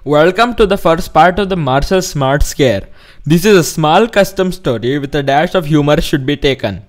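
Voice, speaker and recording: A man's voice: fairly high pitch, expressive, normal speed, lightly acted. A man putting on an Indian accent, stumbling reading. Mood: mock formal. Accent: put-on Indian. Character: male narrator reading game text aloud.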